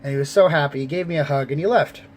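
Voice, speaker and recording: A convenience store clerk telling a story to camera in a casual, profane, animated way. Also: male voice, on the high side, fast talker.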